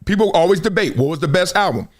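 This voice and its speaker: A middle-aged man hosting a live sports and culture stream, talking in loose slang with loud bursts and low asides. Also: quick pace. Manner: animated, slangy, jumps between loud bursts and low mutters. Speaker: show host.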